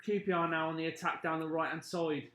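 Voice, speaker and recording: Young brummie lad hosting a footy stream, chatty, shouts at the game, echoey room. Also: male voice, fairly high pitch, flat delivery, fast talker. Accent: Birmingham. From Birmingham, England. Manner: chatty, reacts loudly, plugs likes and subscribes. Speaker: live stream host. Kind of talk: casual football watch-along commentary.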